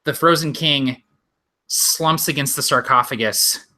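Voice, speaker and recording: Bright-voiced male game master. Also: medium pitch, a little slow. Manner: lively, vivid descriptive narration. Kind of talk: narrating a tabletop game.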